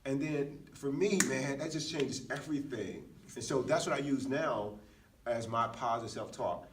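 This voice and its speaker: A man's voice: medium pitch, moderate pace, recorded from a distance, background noise. A man co-hosting a podcast, telling personal anecdotes in an earnest, reflective way with frequent restarts. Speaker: podcast co-host. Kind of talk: casual reflective chat.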